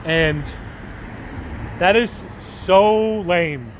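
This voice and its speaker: A man's voice: high-pitched, drawn-out words. A man live-streaming outdoors on a city street at night, answering viewers' messages in a rambling, joking way that often breaks into laughter. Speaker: IRL livestreamer. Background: faint traffic and street ambience.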